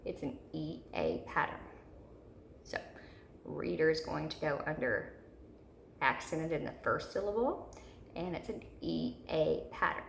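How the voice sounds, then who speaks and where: A woman teacher giving a slow, repetitive recorded video lesson to third graders. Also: deep voice, gravelly, echoey room, slight background noise.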